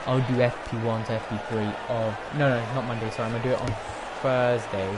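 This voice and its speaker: A young man, commentating his racing game on a live stream, excitable and rambling as he talks to chat. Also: medium pitch, fast, a loud crowd, heavy background noise.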